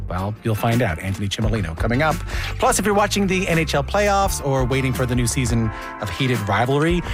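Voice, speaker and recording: A man hosting a radio interview show, talking in a casual, chatty way. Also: medium pitch. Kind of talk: hosted radio interview with intro monologue. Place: radio studio.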